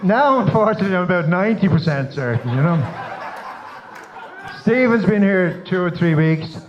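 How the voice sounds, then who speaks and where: A man's voice: high-pitched, expressive, normal speed, slight background noise. A middle-aged Irish man, the father of the bride, giving a teasing, joke-filled wedding speech at a reception. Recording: slightly dull lo-fi sound.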